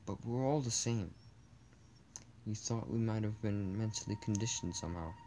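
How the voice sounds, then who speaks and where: A man reading the lines of a desperate imprisoned man, speaking in a hushed, urgent way. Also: lowish voice, moderate pace, noisy background, close to an everyday voice. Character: desperate imprisoned man, deep-voiced prisoner.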